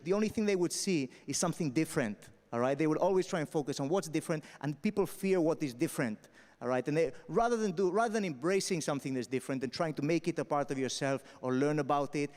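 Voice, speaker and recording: A man's voice: on the high side, a little mellow, in a large hall. A young man raised in Spain doing stand-up comedy on a festival stage, punchy, tagging his lines with "all right?".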